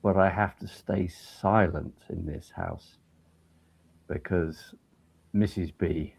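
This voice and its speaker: A man telling lively anecdotes as a guest on a talk show, heard over an online call. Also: deep voice, takes it slowly, creaky, breathy edge. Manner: animated storyteller. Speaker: guest, a judge. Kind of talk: anecdotal conversation. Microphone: video call.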